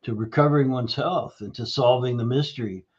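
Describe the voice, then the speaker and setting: A man guest on a health podcast, telling a patient story with animated acted-out dialogue. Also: mid-range voice, a little fast, slightly rough, muffled recording. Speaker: guest, nutrition practitioner. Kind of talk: storytelling interview answer.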